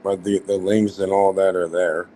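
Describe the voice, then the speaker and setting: A man's voice: deep voice, little pitch movement, normal speed, warm tone, a little hiss or hum, low-quality recording. A man guest in a casual online chat, bantering in a mocking, crude way.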